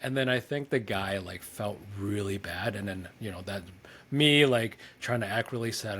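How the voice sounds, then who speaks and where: A man's voice: on the low side, a little fast, bright, forceful tone, slight background noise. A young man co-hosting a podcast, telling a story in a loose, rambling way, full of fillers, acting out the people he quotes. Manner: rambling, lots of "like", acts out quoted dialogue. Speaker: podcast co-host. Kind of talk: casual storytelling chat.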